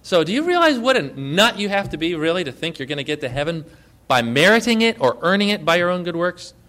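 Male pastor, sermon, slightly high voice, leans hard on key phrases, then drops to a hush. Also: sing-song, fast talker. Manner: emphatic, swings between loud and hushed.

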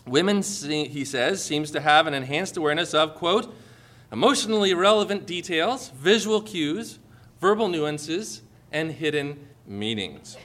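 A man's voice: fairly high pitch, animated, measured pace, a bit bright, slight background noise. A man preaching a sermon to a congregation in a church, joking and calling for amens. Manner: jokey, calls for amens from the congregation. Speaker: pastor.

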